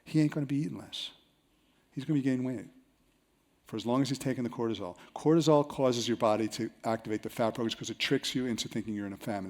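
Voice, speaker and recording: A man presents a seminar to a large live audience. He mixes advice with animated, self-mocking stories. His voice sits at a mid pitch.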